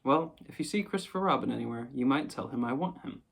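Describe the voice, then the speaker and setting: A small, timid piglet with a high, eager voice, as a man reading a storybook puts him on. The voice keeps a gravelly, husky edge underneath. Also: animated, quick pace.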